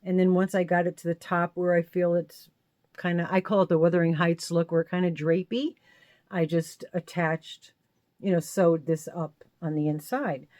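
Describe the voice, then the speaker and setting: A woman's voice: lowish voice, fairly even intonation, normal speed, darkish tone, dry recording. A woman hosting her crochet channel, chatting casually as she shows and explains her handmade sweaters, rambling and correcting herself with small laughs. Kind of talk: casual show-and-tell crochet talk.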